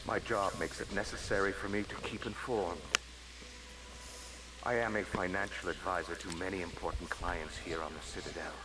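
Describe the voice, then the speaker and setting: An actor voicing a polite, scheming male alien financial agent in a video game, speaking in a courteous, formal, flattering way. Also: low voice, normal speed, close to an everyday voice. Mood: smooth formal. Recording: noisy game audio capture.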